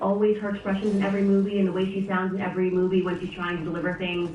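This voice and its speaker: A woman's voice: medium pitch, completely flat delivery, very fast, few pauses, dark tone, roomy sound, distant mic, a little hiss or hum, poor audio. A woman giving sarcastic political commentary between played clips. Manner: sarcastic, mocking.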